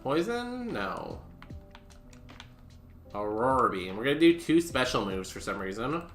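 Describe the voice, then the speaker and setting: A man's voice: mid-range voice, fairly bright tone. A man streaming a game, chatting casually with goofy, self-mocking humor. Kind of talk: casual gameplay commentary. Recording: roomy echo with music behind.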